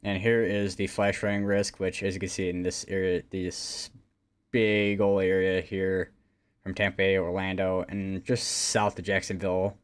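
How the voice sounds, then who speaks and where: A man's voice: low-pitched, level tone, normal speed, smooth. A man hosting a live weather stream, talking casually and rambling with lots of fillers and restarts. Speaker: livestream weather host.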